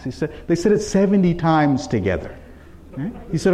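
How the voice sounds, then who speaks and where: Animated man telling a sermon story. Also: fairly high pitch, fairly quick. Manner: acts out quotes with shifting voices, frequent "right?". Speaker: religious speaker.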